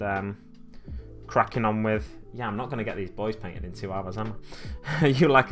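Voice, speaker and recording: A man's voice: medium pitch, fairly bright tone. A young man with a Lancashire accent, chatting casually to viewers on a live stream and often correcting himself as he rambles. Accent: Lancashire English. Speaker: live-stream host painting miniatures.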